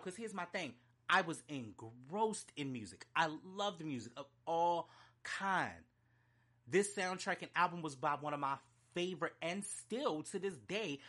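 A man's voice: a little high, a bit bright. A man reviewing an album in an unscripted, emotional rant, talking in a profane, heated and emphatic way. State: choked up. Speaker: music reviewer.

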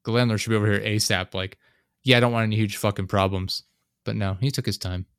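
Low-voiced man ranting casually. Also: steady tone, quick pace, a bit bright, clear, resonant tone, dry recording, clean studio sound. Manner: profane, ranting storyteller. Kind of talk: casual chat.

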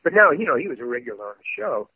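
A man's voice: fairly high pitch, racing, husky, no room sound. An older man, a guest actor, telling stories in a podcast interview, rambling and acting out the people in them. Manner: rambling, animated, acts out the people in his stories. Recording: dry tinny phone-like line.

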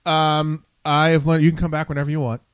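A man's voice: on the high side, little pitch movement, fast talker, smooth, dry recording. Blunt, profane radio host man. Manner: blunt, profane, rambling with restarts. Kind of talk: casual on-air chat.

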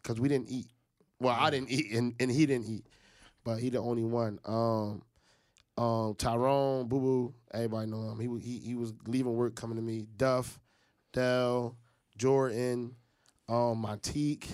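A man's voice: mid-range voice, little pitch movement, moderate pace, a little mellow. A man telling a personal story in a casual chat, animatedly acting out what other people said.

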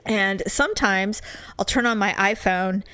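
A woman co-hosting a podcast, telling a story in casual chat, animated and swearing, putting on mocking voices. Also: medium pitch, measured pace, clear, resonant tone, dry recording. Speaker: podcast co-host.

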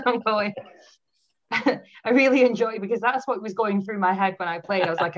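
A woman's voice: medium pitch, fairly even intonation, brisk. A woman author chatting casually in an interview, laughing often as she talks. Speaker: author guest. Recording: dull lo-fi audio.

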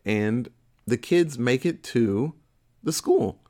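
A man's voice: mid-range voice, lively intonation, slow, dark tone. A man in casual chat, retelling a movie plot in a profane, laughing storytelling manner.

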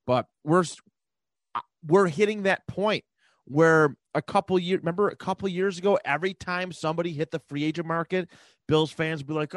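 A man's voice: a little high, fairly quick, dry recording. Rambling man in casual sports chat. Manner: rambling, loose, laughs often, swears. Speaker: podcast co-host.

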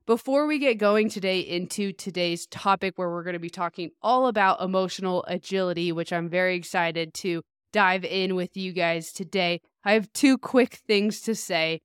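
Smooth-voiced woman hosting a chatty podcast. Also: on the low side, normal speed, hardly any pauses, no room sound, clean studio sound. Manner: upbeat, chatty and appreciative. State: slightly nasal from allergies. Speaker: podcast host and life coach. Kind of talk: casual podcast monologue.

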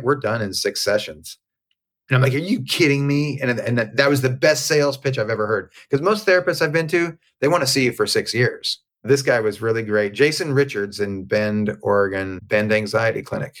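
With a mid-range voice and a brisk delivery, this man is being interviewed and shares a personal story in a frank, chatty way. He's animated and performs the quoted lines himself.

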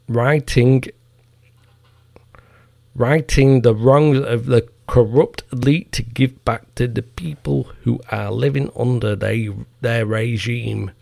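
Male podcast host, gravelly voice, dry close sound, sweary heated commentary. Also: mid-range voice, darkish tone, no echo. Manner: profane, heated, mocking. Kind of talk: ranting commentary.

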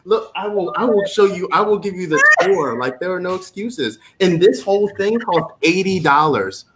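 Lively storytelling man, higher voice. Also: normal speed. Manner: animated, acts out quotes, laughs often. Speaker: guest. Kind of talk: casual storytelling. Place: home setup with clip lights.

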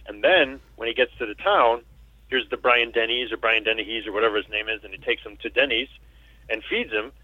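A man's voice: medium pitch, fairly quick, no echo. Rambling man on a tinny phone-like line. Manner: rambling, with goofy impressions. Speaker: podcast guest. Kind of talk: casual chat.

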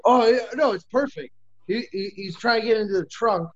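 A young man in casual podcast chat, making blunt, deadpan tough-guy jokes. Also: high voice, a little fast, muffled recording. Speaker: podcast guest.

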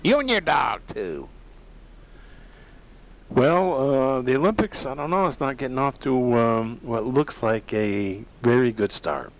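A man's voice: medium pitch, normal speed, few pauses, poor audio. A man hosting a talk radio show, rambling through opinionated casual monologue with many fillers and restarts.

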